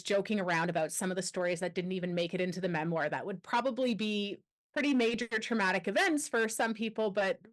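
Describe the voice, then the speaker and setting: A mid-pitched woman speaking as a guest on a podcast. She tells a personal story candidly, acting out what others said to her along the way. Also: quick pace. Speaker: guest, anti-trafficking expert.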